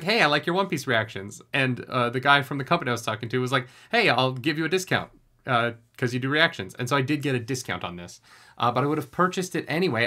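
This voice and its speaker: A young man talks through an anime reaction with a bright, forceful voice. He is energetic and chatty, and he breaks into loud singing along with the theme. His voice sits at an everyday middle pitch. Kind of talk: casual reaction commentary. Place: home recording room.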